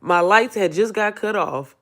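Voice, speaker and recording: A woman talks straight to her viewers in a loose live-stream Q&A, her voice hoarse and worn. She rambles, circles back, and speaks from the heart, often near tears. She keeps calling the audience y'all and sis. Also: mid-range voice, measured pace. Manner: emotional, close to tears. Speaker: online business coach.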